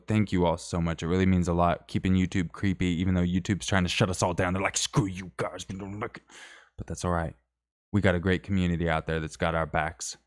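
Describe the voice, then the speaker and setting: Deep-voiced man rambling on a live stream. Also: creaky. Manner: rambling, joking, self-deprecating. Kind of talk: casual live stream chat.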